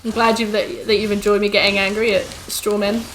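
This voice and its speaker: A woman's voice: medium pitch, flat delivery, fairly bright tone, slight background noise. A young woman, chatting casually and ranting with swear words to her live-stream chat while gaming. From England. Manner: chatty, ranty, swearing, quick asides to chat. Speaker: game streamer.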